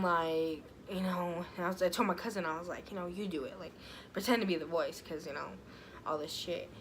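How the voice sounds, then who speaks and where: Young female vlogger, lower voice, rambling storytime delivery, faint hiss. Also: sharp tone, low-quality recording. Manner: chatty, filler-heavy, swears freely. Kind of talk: casual storytime vlog. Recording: faint background noise.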